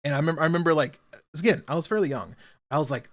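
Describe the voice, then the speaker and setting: Rambling excitable young man streaming. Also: fairly high pitch, fast talker. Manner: animated, rambling, with many fillers and restarts, bursting loud when excited. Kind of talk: casual live-stream chat.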